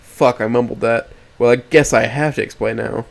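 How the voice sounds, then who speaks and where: A man's voice: mid-range voice, fairly even intonation, moderate pace, vocal fry. A young man streaming, reading a story aloud in first person with blunt, profane asides. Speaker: streamer reading a visual novel.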